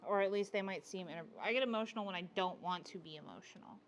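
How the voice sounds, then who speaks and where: A woman's voice: medium pitch, quick pace, lo-fi sound, background noise. A young adult woman hosting a casual livestream, chatting with viewers and reading their comments aloud. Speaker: livestream host.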